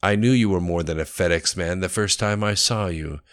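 A man's voice: sits low, moderate pace, dry recording, studio quality, natural voice. A man doing a cool, composed woman spy. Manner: calm, controlled.

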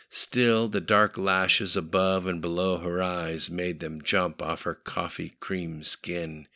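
Man reading an audiobook, really deep voice, kinda bright and punchy, steady. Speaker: narrator. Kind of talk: audiobook narration.

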